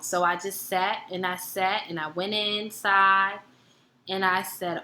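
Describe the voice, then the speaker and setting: A woman's voice: mid-range voice, normal speed, roomy sound, slight background noise. A woman giving a casual wellness lesson, telling personal stories and acting out both sides of conversations. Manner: animated, acts out both sides of dialogues. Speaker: wellness educator.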